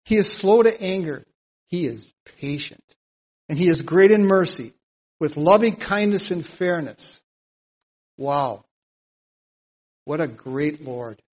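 A man teaching a psalm verse by verse in a sermon, earnest and plain-spoken, getting louder whenever he reads scripture aloud. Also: a little high, animated, slow, long pauses, low-quality recording. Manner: emphatic, louder when reading scripture aloud. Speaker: Bible teacher.

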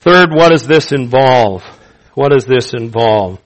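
A male pastor preaching a sermon, emphatic and slow, repeating his key phrases for weight. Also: medium pitch, lively intonation, poor audio.

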